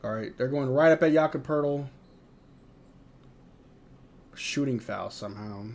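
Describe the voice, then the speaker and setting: A man's voice: mid-range voice, unhurried, a little mellow, a little hiss or hum. A young man hosting a live watch-along, calling the plays in a tired, yawning way and answering viewer chat. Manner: tired, yawning, drowsy play-by-play; reads viewer chat aloud and replies. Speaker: live stream host.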